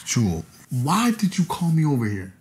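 An actor playing a hurt ex-fiancé who swings from low, quiet words to cracking shouts. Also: male voice, huge pitch swings, normal speed. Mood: heated, wounded. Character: hurt ex-fiancé, proud and wounded. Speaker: jilted ex-fiancé. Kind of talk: romantic drama acting.

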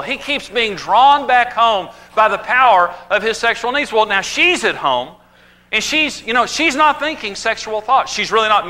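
A man teaching on marriage with humor, telling stories and acting out the people in them. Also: high-pitched. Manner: animated storytelling, acting out quoted voices.

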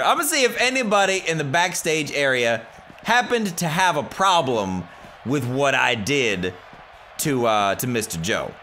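A man talks through his own video game session in a loose, joking let's-play style, often muttering to himself. His voice is bright and lively with a slightly high pitch. A faint hiss sits under it. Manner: casual, joking, mutters to himself while playing. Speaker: gaming YouTuber.

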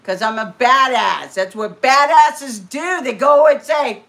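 Excitable woman host gushing on a live stream. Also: high-pitched, measured pace. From California. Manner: gushing, excitable, talks to viewers. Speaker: channel host. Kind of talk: casual live-stream chat.

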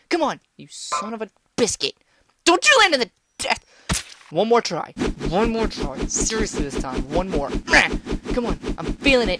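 A young woman with a medium-pitched, slightly bright voice commentates a game from a room at home, with a faint hiss or hum in the background. In casual let's-play style, she talks at the screen, bursting out playfully and teasing.

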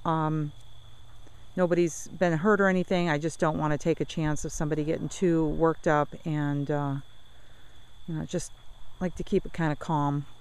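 A woman who owns several dogs, chatting casually outdoors on a windy, chilly day. She switches between coaxing baby talk and sharp commands. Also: sits low, fairly even intonation, normal speed, smooth, low-quality recording. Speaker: dog owner. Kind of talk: casual vlog chat.

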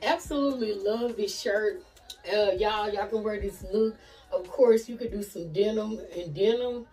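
A woman's voice: mid-range voice, measured pace, mellow, far from the mic, faint music behind, rough recording. A woman from Nashville with a Southern accent, chatting casually to camera about her outfits. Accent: Southern American. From Nashville, USA. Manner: chatty, keeps saying "y'all" and "honey". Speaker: fashion vlogger. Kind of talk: casual try-on chat to camera.

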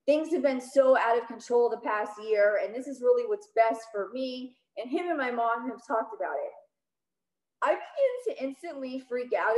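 This woman tells a personal story at a storytelling event, with a slightly high voice. She speaks with raw emotion and scatters "like" through her sentences, and the sound is roomy and echoey. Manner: emotional, quick with many "like"s. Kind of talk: personal story told on stage. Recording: roomy echo.

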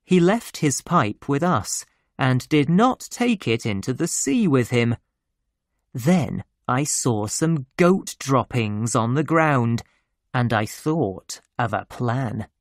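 Slow, clear story narrator. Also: mid-range voice, animated, no echo, clean studio sound. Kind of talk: slow graded-reader storytelling for English learners.

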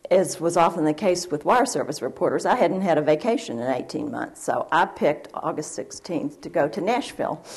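Low-voiced woman telling a story. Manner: lively anecdotal telling, acts out quotes. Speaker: panel speaker, former wire reporter. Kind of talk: storytelling on a panel. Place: university event hall.

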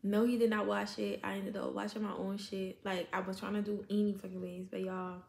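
A woman telling a storytime vlog straight to her viewers, animated and heavily profane. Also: mid-range voice, fairly quick, gravelly, roomy sound. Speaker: vlogger.

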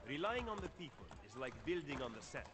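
A man's voice: a little high, very animated, quick pace, big-room sound. An actor voicing a wry, skeptical middle-aged male ally who spars in conversation in a video game. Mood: dry. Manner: dry, sparring, skeptical.

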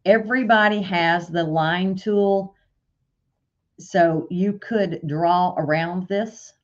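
A woman with a fairly low voice teaches embroidery software in a step-by-step screen-share tutorial. She corrects her own slips out loud as she clicks through menus. The recording sounds dull and lo-fi. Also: takes it slowly. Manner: step-by-step, corrects herself aloud.

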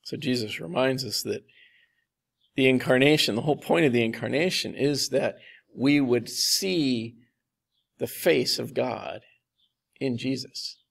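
A man preaching a conversational sermon as pastor, slowing down to repeat key phrases with emphasis. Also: mid-range voice, creaky. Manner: conversational, with slow, emphatic repetition.

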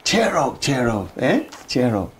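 A man's voice: medium pitch, sing-song, a little slow, a little hiss or hum. An actor playing a protective male ally, soothing and repeating his reassurance. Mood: reassuring.

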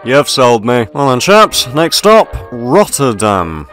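A man's voice: mid-range voice, big pitch swings, slow pace, a bit bright. A man giving in-character gameplay commentary, with mock-pompous officer-style banter. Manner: mock-pompous upper-class officer banter, laughs at own jokes. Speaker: gaming video creator. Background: faint background music.

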